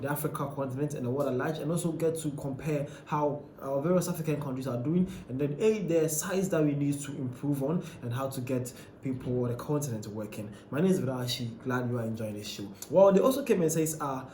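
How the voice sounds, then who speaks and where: A man's voice: fairly high pitch, brisk, few pauses, warm tone, echoey room, a little hiss or hum. A man hosting a show who walks through a ranked list in a conversational, questioning way with many fillers and restarts. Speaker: host. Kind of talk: casual commentary on a ranked list.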